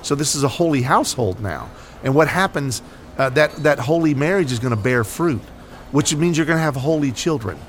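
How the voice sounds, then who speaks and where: A man's voice: medium pitch, expressive, a little fast, a little hiss or hum. A man from the United States co-hosting a casual Catholic talk, explaining earnestly with many fillers and repeated "right?". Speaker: Catholic podcast co-host. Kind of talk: casual faith discussion.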